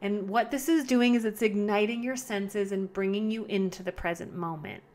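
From inside her home, a woman with a mid-range voice chats casually on her solo podcast, captured by a nearby camera. She repeats herself and self-corrects, often slowing down on purpose to model calm breathing.

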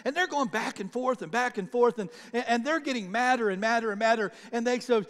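High-voiced pastor preaching in a reverberant hall. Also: male voice. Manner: conversational preaching with animated retelling, voices bystanders, slow emphatic lines. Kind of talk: sermon. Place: church sanctuary.

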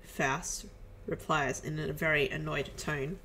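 A woman reading a film script aloud, with low-key, chuckling asides. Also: a little slow, gravelly, poor audio.

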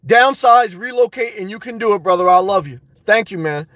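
A man's voice: high voice, lively intonation, a little fast, fairly bright tone, dry recording. A man hosting a live stream, reading viewer comments and giving emphatic, fired-up advice. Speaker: YouTube live stream host.

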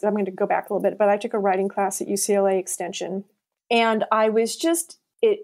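Laughing woman telling lively stories. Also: medium pitch. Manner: animated, laughs often, acts out quoted lines. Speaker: podcast guest, writer. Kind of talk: casual storytelling interview.

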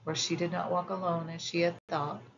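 A woman narrating a children's fairy tale audiobook in a measured, gentle storytelling manner. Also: lowish voice, flat delivery, highs cut off, noisy background.

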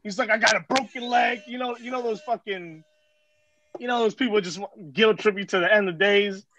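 A man telling a story to friends in profane, slangy, animated casual talk as host of a vlog. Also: sits high, normal speed, dry recording.

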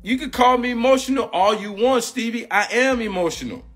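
Agitated man ranting, high bright voice. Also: brisk, faint music behind. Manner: agitated, repetitive, confrontational. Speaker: former football player and coach. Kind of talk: heated rant on a live stream.

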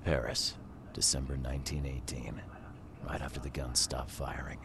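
Super deep gravelly game detective, dry and broody, kinda noisy audio. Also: male voice, monotone, normal speed. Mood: brooding. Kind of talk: video game voice acting.

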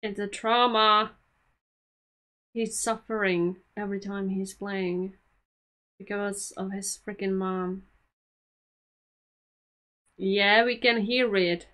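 Slow-talking woman reacting to anime. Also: medium pitch, fairly even intonation, a bit bright. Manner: emotional, talks to the screen, laughs often. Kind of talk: casual reaction commentary.

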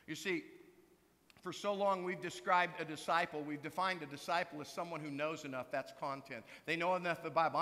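High, bright-voiced pastor in a reverberant hall. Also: male voice, fairly quick. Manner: earnest, lively, acts out quotes loudly. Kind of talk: conference teaching talk.

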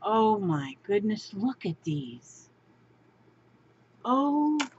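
A woman's voice: mid-range voice, sing-song, extremely slow, darkish tone, slightly rough, highs cut off. A woman crafting vlogger doing an unboxing show-and-tell, gushing and exclaiming, often repeating her words.

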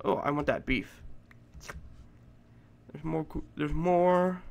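High-voiced man yelling gameplay commentary. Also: slow pace, gravelly. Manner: excitable, profane, yells at game monsters. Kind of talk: let's play commentary.

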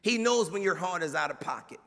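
A male pastor delivers an animated sermon in a church hall, his voice high and gravelly. The sound is bright and pressing, and it rings with a long church reverb. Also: fairly quick. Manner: animated preaching, swinging from quiet asides to shouted mimicry. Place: church sanctuary.

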